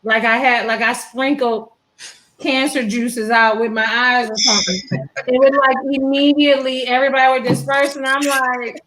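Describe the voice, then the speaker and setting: A woman with a fairly high voice speaks in a candid panel discussion as a breast cancer survivor. She is frank and animated and acts out the voices of people she quotes. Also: moderate pace, rough recording.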